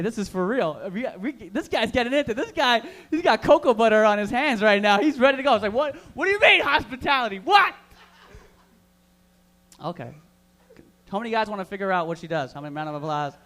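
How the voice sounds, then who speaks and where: A man doing crude stand-up crowd work at an open mic, loud and hyped as he banters with the audience in a live comedy room. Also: high-pitched.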